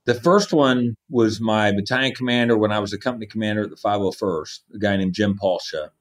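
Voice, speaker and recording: A man's voice: lowish voice, fairly quick. A man in his fifties, an Army division commander, earnestly recounting personal stories in an interview and acting out quoted dialogue. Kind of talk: interview storytelling.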